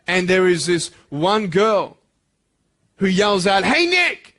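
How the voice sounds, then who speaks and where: A man giving a motivational speech to school students, impassioned and swinging from soft, intimate lines to loud, emphatic ones. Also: high-pitched, takes it slowly.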